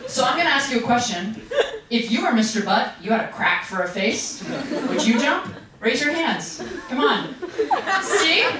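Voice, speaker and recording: A young woman performing a stand-up comedy set, self-mocking, with sudden jumps into high voices. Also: heavy background noise. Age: young adult. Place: comedy stage with live audience. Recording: distant, roomy live recording with loud crowd.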